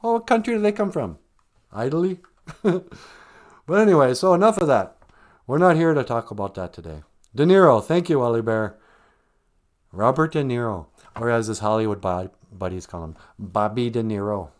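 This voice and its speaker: This man speaks in a mid-range voice at a normal pace, his intonation lively. He's running a live stream, joking and rambling casually while reading out comments from the chat.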